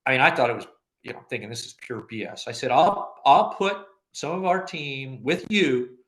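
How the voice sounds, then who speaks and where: A man's voice: mid-range voice, moderate pace. An older man, a former agency director, telling anecdotes in an interview and acting out the dialogue he quotes, with frequent laughter. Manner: animated storyteller who acts out quoted dialogue, laughing often.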